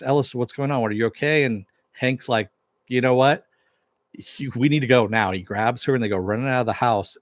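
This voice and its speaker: A man's voice: on the low side, no echo. Rambling man recapping a TV episode. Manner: loose and rambling, many fillers, mild swearing. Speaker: TV episode reviewer. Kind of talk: casual recap with paraphrased quotes.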